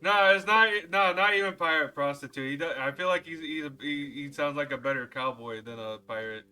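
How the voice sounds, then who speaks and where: A man's voice: a little high, fairly quick, bright, forceful tone. A man laughing through crude banter as a player at a tabletop game. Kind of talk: casual chat at a tabletop game.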